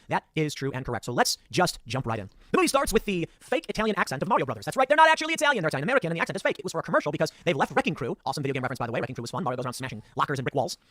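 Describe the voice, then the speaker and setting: A man's voice: on the high side, dry recording. A man giving a political commentary, reading out and picking apart a movie review with sarcastic asides. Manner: rapid, lively delivery with sarcastic asides.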